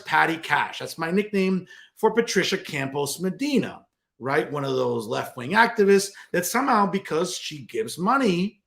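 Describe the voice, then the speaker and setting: A man's voice: a little high, vocal fry, fairly bright tone. A man hosting a political commentary show, delivering a combative, sarcastic monologue straight to his viewers.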